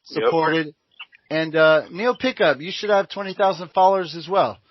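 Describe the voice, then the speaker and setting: A man co-hosting a casual chat show, hesitant and halting, giving thanks and shout-outs. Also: on the high side, animated, a little hiss or hum. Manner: hesitant, many "uh" fillers, grateful. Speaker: co-host. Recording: muffled lo-fi audio.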